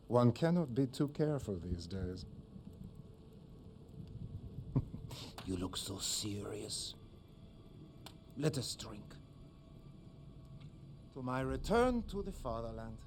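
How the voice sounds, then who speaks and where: A sadistic German commander. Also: male voice, medium pitch, very animated, a little mellow, a little hiss or hum. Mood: menacing. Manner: slow, silky, taunting, drawn-out words. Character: sadistic male German commander, middle-aged, cold and mocking. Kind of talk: video game cutscene acting. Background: game score music.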